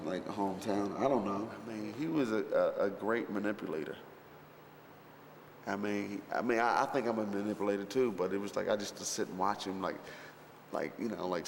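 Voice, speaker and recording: Speaking in a fairly low voice with vocal fry, a rapper reminisces in an interview about a film shoot. His storytelling is rambling, foul-mouthed and packed with fillers, captured in a reverberant room with faint background noise.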